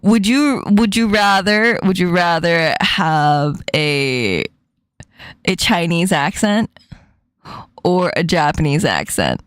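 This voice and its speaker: A woman's voice: fairly low pitch, animated, slow pace, clean tone, no echo, clean studio sound. A woman hosting a casual chat stream, giggling often and swearing casually. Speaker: streamer host.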